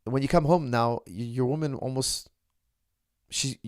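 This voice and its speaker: A man's voice: medium pitch, unhurried, a little mellow, clear, resonant tone, no room sound, clean studio sound. A middle-aged man, a martial arts coach, talking casually and bluntly to his viewers, calling them "guys" and often restarting his sentences.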